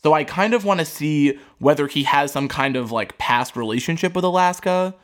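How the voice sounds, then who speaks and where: A man's voice: on the high side, normal speed. A man co-hosting a podcast, chatting casually about a TV show and acting out the characters' lines with laughs. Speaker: podcast co-host. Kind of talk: casual chat recapping a TV show.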